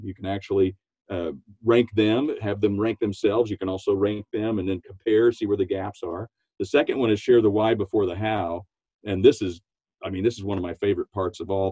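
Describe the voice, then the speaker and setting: This is a man talking business on a podcast with real enthusiasm, laughing easily and slipping into quoted voices. His voice sits low and mellow. The sound is dry and a little lo-fi, like a remote recording. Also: no echo. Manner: animated, laughs often, acts out quotes in a high voice. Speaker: podcast guest, business coach. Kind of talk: enthusiastic interview talk.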